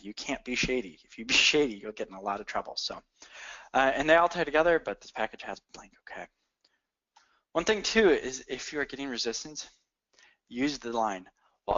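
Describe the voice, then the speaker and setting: A man leads a sales training session and speaks straight to his listeners. He talks quickly with lots of punchy energy. The audio sounds dull and lo-fi. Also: medium pitch. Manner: energetic, coaching, addresses listeners directly.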